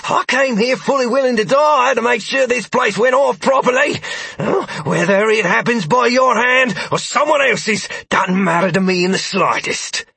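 A man's voice: very high voice, normal speed, creaky, sharp tone, husky, no room sound, pitched above the performer's own voice, full character voice. A man voicing a wounded half-orc warrior who speaks through gritted teeth, taunting and defiant, in a fantasy audiobook.

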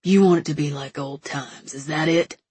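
A woman reading the part of an angry, bitter young man with a gruff, clipped delivery. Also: low-pitched, normal speed, darkish tone, no room sound. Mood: furious.

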